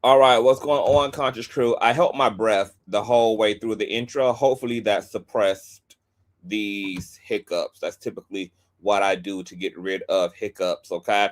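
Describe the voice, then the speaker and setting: A man hosting a livestream in a chatty, animated way, with playful asides and quick rundowns of channel plugs. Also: fairly low pitch. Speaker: host. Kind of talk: casual livestream commentary.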